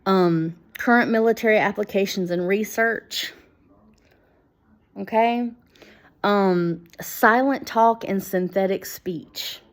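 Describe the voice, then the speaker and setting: A woman talking to camera in a halting, rambling way, full of fillers and restarts, and reading passages from screenshots aloud. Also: mid-range voice. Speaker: vlogger.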